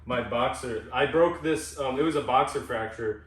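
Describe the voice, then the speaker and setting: A man's voice: medium pitch, normal speed, crowd noise. Rambling young man in an echoey room. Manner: rambling, self-interrupting, swearing freely. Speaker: podcast co-host. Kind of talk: casual storytelling chat. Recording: roomy sound from a distant mic.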